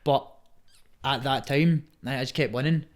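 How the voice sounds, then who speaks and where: A man's voice: mid-range voice, unhurried. A man with a Scottish accent, a fighter as a podcast guest, talking bluntly and emphatically in casual chat, swearing a lot and calling the host "mate" after nearly every phrase. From Scotland. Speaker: guest, Muay Thai fighter.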